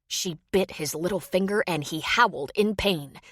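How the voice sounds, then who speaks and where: A woman narrating a romance audiobook in measured scripted storytelling. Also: on the low side, no echo, studio quality.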